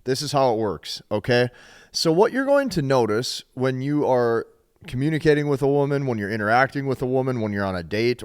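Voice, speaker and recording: A man giving dating advice straight to camera, emphatic and repetitive, often checking in with "okay?". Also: mid-range voice. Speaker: dating coach. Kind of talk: direct-to-camera advice talk.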